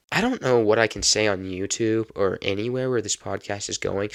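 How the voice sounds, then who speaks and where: A young adult man hosting a podcast, telling a personal story in a lively, casual way and laughing now and then. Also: mid-range voice, no room sound, studio quality. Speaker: podcast host.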